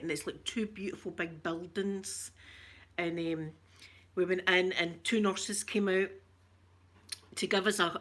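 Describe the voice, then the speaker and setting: A woman's voice: on the low side, a bit bright. A Scottish woman telling a rambling, emotional story in casual chat and greeting viewers as she goes. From Scotland. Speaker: vlogger talking to viewers.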